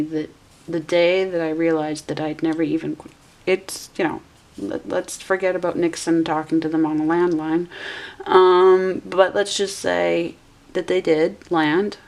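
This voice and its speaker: A woman's voice: fairly low pitch, fairly even intonation, a little slow, darkish tone. A woman in her forties giving a casual tarot reading, musing aloud and correcting herself as she goes. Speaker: tarot reader.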